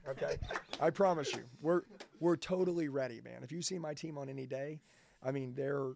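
A man's voice: fairly high pitch, a little fast, creaky, heavy background noise. A man giving intense, blunt and profane motivational talk as a guest in an interview. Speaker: sales trainer, guest.

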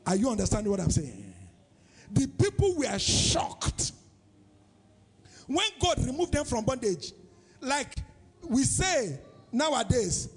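A man's voice: high voice, big pitch swings, slow, long pauses, breathy edge, long reverb tail. A man with a Nigerian accent preaching a sermon as pastor, in a sing-song style that throws questions out to the congregation. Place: church service.

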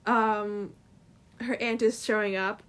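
A woman's voice: mid-range voice, steady tone, slow pace, fairly bright tone. A woman in casual chat, retelling a comic's story in a loose, filler-heavy way full of "like" and "um".

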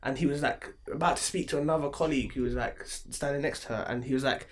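A young man, telling an animated story in a casual podcast chat. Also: medium pitch, fast talker. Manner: animated storytelling, acts out quotes. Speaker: podcast co-host. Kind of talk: casual chat among friends.

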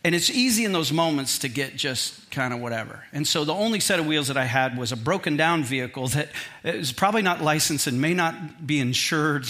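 Bright-voiced middle-aged preacher telling stories. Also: male voice, on the high side, fairly quick. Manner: animated, self-deprecating, humorous storyteller. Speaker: pastor. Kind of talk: sermon with personal storytelling.

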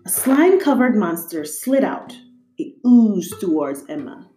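A woman reading a children's storybook aloud in an expressive, sing-song way. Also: mid-range voice, a little slow, roomy sound, faint music behind.

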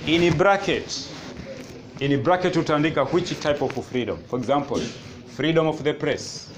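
A male history teacher dictates notes to a class, slowly repeating each phrase. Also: fairly high pitch. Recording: noisy classroom ambience.

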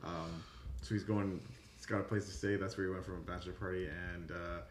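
A podcast host with a very deep voice, speaking in a measured, steady way. He sounds as if he is in an echoey room, with a faint hum behind him. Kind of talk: casual podcast chat.

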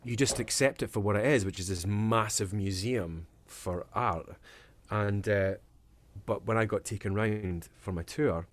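A man's voice: on the low side, measured pace. A man guesting on a podcast as an actor, chatting casually, laughing often and trailing off into fillers. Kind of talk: casual chat.

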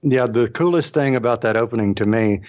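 A man's voice: mid-range voice, brisk, a little mellow, lo-fi sound. A man co-hosting a podcast in casual chat, thinking aloud with repeats. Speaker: podcast co-host.

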